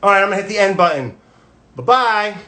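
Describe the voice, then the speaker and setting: Man, bright voice, slightly high, energetic rambling, casual chat from home on a phone. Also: fairly quick. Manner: rambling, energetic, jumps between topics. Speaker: cooking video host. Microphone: phone livestream.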